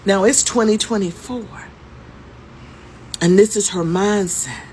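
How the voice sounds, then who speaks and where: A woman's voice: mid-range voice, takes it slowly, darkish tone, slight background noise. A woman in her fifties telling a story to camera in a casual way, emphatic, repeating her points and asking rhetorical questions. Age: 50s.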